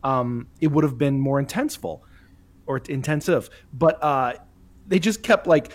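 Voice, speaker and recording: A man's voice: a little high, normal speed. A man co-hosting a casual movie-review chat, adding jokes and comments with lots of fillers. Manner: animated joking commentary with fillers. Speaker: podcast co-host.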